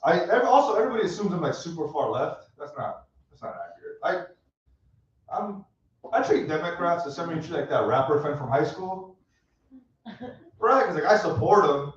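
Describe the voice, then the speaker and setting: A man in his thirties doing a stand-up set with crowd work, deadpan and self-mocking, laughing at his own jokes on a club stage. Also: fairly high pitch, moderate pace. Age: 30s. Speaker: stand-up comedian. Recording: roomy, distant, dull club recording.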